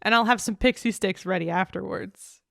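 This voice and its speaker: A woman's voice: mid-range voice, moderate pace, creaky, fairly bright tone, no room sound, clean studio sound. Playful young woman podcast co-host. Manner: playful, giggly, acts out silly scenes. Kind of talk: casual chat.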